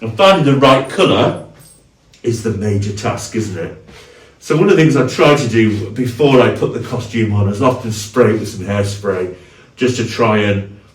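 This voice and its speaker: A man casually walking through his costume, chatty and halting, with fillers and restarts. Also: on the low side, reverberant, recorded from a distance. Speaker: cosplayer, video host.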